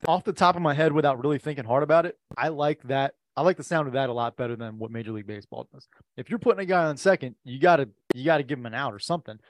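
A man's voice: medium pitch, very fast, no echo. A man co-hosting a podcast in a laid-back, casual chat, often laughing and giving short replies. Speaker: podcast co-host.

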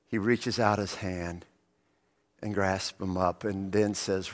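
A man's voice: deep voice, fairly even intonation, slow pace. A male pastor preaching a sermon, telling the story vividly and asking rhetorical questions of the congregation. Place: church sanctuary. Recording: long reverb of a church hall.

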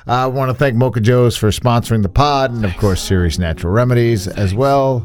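A man hosting a podcast, in a relaxed, wry casual chat with mostly brief replies. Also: medium pitch, brisk, soft background music. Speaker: podcast host.

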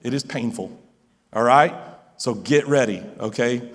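A man's voice: mid-range voice, measured pace. A man preaching a sermon as pastor, playful and talking straight to his audience. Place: large church hall. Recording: long hall reverb.

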